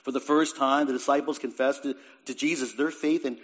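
A man preaching a sermon, rising to emphatic lines and then dropping to quiet ones, often repeating words as he goes. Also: medium pitch, steady tone, fairly quick. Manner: swings between raised emphatic lines and quiet, dropped phrases. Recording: dull lo-fi recording.

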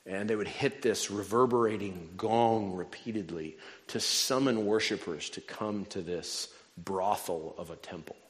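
A man's voice: fairly low pitch, unhurried, few pauses. A man preaching a sermon in a church, telling a humorous story with wry, self-deprecating asides. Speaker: pastor. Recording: long hall reverb.

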